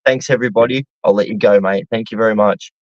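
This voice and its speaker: Low-voiced man on a dull, dry call. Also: steady tone, fast, dry recording. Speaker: guest on a livestream. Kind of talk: casual livestream chat.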